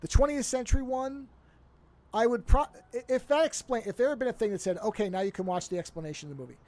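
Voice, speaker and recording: High-voiced man speaking in measured terms. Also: darkish tone. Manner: measured, explains with careful qualifications. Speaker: podcast co-host. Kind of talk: casual chat.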